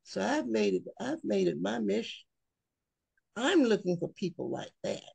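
A woman giving an earnest, emotional personal talk at a webinar, speaking slowly with pauses. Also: medium pitch, big pitch swings, gravelly, darkish tone, husky, no echo.

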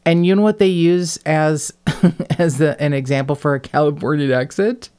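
A woman's voice: low voice, fairly even intonation, moderate pace, dark tone, clean tone. A woman hosting a podcast, talking in a chatty, self-mocking way that mixes in swearing. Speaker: podcast host. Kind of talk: casual chat.

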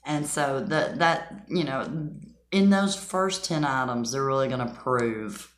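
Very low-voiced chatty woman, echoey room. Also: a little slow, a little hiss or hum. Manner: chatty, emphatic, scoffing asides. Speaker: channel host. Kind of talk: casual commentary.

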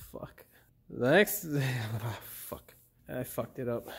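A man's voice: medium pitch, slow, creaky, slightly rough. A man hosting a DIY car repair channel, walking viewers through a brake job and then swearing and laughing at his own mistakes in the outtakes. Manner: upbeat sign-off patter. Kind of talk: how-to narration with bloopers. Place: driveway or garage.

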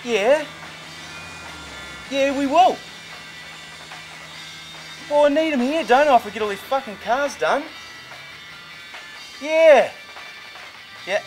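A man's voice: very high-pitched, slow, pauses often, faint music behind, low-quality recording. A young man with a New Zealand accent playing a brash, crude car-yard worker who swears constantly in naturalistic indie film dialogue. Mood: wheedling. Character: brash foul-mouthed young Kiwi car washer.

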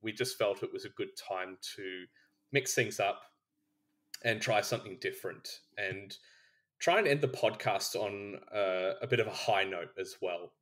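Lower-voiced man, chatty and rambling. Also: moderate pace, a bit bright. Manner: rambling, with frequent restarts and laughs. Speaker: podcast co-host. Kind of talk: casual chat.

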